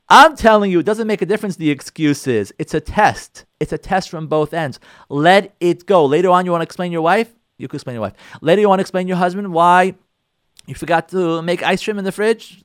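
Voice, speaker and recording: A man, a rabbi, delivers an emphatic talk with a high, lively voice that swoops up and down. He repeats his points and acts out little quarrels between husband and wife. The sound is dry and close. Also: dry recording. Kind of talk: sermon-style talk on relationships.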